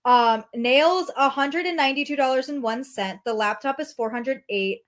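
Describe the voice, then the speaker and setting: A woman's voice: high voice, moderate pace. A woman streamer reacting to her chat in casual commentary, sarcastic and profane.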